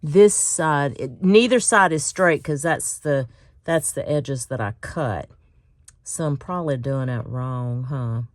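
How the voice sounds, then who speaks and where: A woman's voice: low-pitched, takes it slowly, dry recording, clean studio sound. A middle-aged woman hosting a casual crafting tutorial, chatty and self-mocking and often laughing. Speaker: craft channel host.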